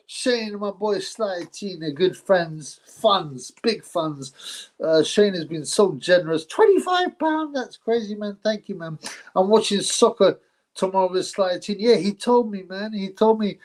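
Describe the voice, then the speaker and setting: A man's voice: high voice, unhurried, poor audio. A man hosting a live boxing stream, chatting casually, rambling, laughing often and thanking his viewers.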